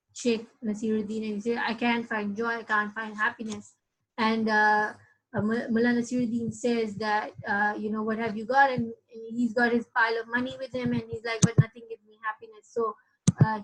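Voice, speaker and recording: A woman leads a reflective spiritual lesson in a husky, breathy voice that sits a little high. Her pitch stays fairly level as she works through her thoughts slowly, with many pauses and restarts. At the close she turns to soft, pleading prayer. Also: low-quality recording. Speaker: Quran study teacher.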